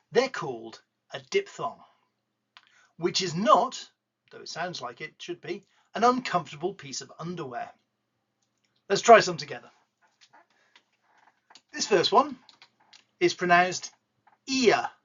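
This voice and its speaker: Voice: medium pitch, a bit bright, husky, lo-fi sound. An English pronunciation teacher with an English accent, giving a playful lesson and drawing out vowel sounds with jokes along the way. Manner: jokey, demonstrates sounds with exaggerated vowels.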